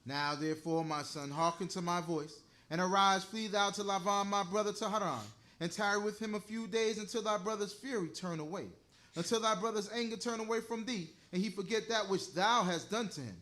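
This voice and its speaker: A man reads scripture aloud at a steady, formal pace. His voice sits high for a man. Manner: measured, formal reading. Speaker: scripture reader.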